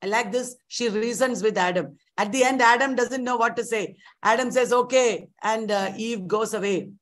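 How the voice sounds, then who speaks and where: A woman lecturer teaching an online literature class. She retells the story with animated flair and repeats key points for emphasis. Her voice sits a little high. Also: moderate pace.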